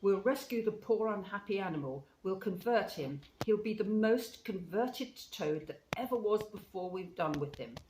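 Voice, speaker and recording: A brisk, loyal male water rat from a storybook, full of hearty resolve, read by a woman. The reading carries a roomy echo and a faint hiss. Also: medium pitch, animated, close to an everyday voice. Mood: eager.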